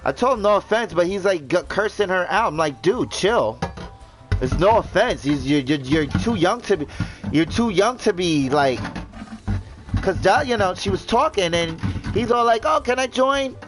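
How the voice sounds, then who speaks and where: A man's voice: sits high, animated, normal speed, music in the background, rough recording. A man ranting indignantly in casual commentary, swearing and repeating himself as he stumbles over words. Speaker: gaming vlogger.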